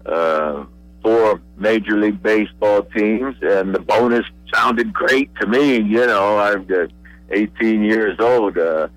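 Halting older man from Pennsylvania. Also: fairly low pitch, no echo, poor audio. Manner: halting, many uhs and repeated I's. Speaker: guest. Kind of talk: relaxed reminiscing.

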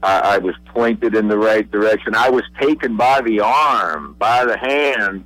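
An older man from Pennsylvania, a radio guest reminiscing, pausing often with uhs and repeated words. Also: fairly low pitch, fairly bright tone, no echo, rough recording. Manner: halting, many uhs and repeated I's. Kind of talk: relaxed reminiscing.

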